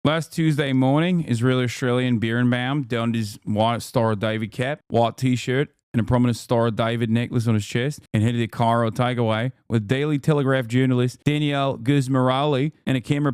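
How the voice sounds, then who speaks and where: A man's voice: medium pitch, darkish tone, clean tone, no echo, clean studio sound. A man hosting a live stream, reacting to news with profane, exasperated commentary and reading articles aloud. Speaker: streamer host. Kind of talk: casual political commentary.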